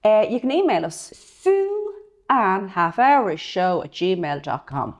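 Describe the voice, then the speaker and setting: A woman co-hosting a casual chat show, telling lively stories. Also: mid-range voice, slow pace. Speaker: co-host.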